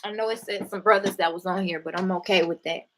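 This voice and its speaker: A woman's voice: mid-range voice, fairly even intonation, quick pace, fairly bright tone, slight background noise, rough recording. A woman hosting a casual spiritual talk, speaking bluntly and with profanity straight to her viewers. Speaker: spiritual live-stream host.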